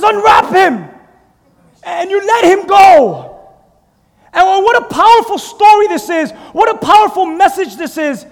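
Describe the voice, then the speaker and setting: A male pastor preaching a sermon with animated storytelling, putting questions to the congregation. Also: extremely high pitch, in a large hall.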